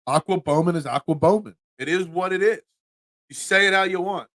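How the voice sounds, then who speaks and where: A man's voice: high-pitched, fairly quick, fairly bright tone, dry recording, clean studio sound. A young man with a Philadelphia accent, hosting a casual sports talk show and getting worked up, repeating words when riled. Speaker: podcast host.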